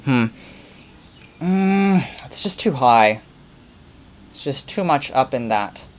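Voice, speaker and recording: A man's voice: mid-range voice, expressive, takes it slowly. A man casually thinking aloud while making music on a livestream, muttering, playful and rambling.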